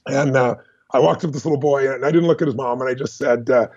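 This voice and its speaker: A man as a podcast guest, telling personal stories in an animated, emphatic, fast-flowing way. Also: medium pitch, dull audio. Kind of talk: energetic personal storytelling.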